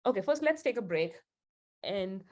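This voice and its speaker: A woman's voice: mid-range voice, animated, moderate pace, darkish tone. A woman leading a spiritual group session, telling a story in a chatty, casual way with frequent laughs. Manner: chatty, laughs often, many fillers like "like".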